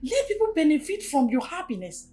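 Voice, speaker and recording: A woman's voice: high voice, sing-song, a little fast, dark tone. An actress with a Nigerian accent playing a blunt young friend who scolds her. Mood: scolding. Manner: scolding, preachy. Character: frank young female friend, scolding and honest.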